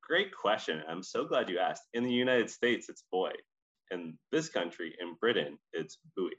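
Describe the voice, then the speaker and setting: A man from Scotland co-hosts a podcast and tells animated stories, packing his talk with "like". His voice sits low. The recording sounds dull and lo-fi. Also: moderate pace. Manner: animated storytelling, lots of "like". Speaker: podcast co-host. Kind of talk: casual chat.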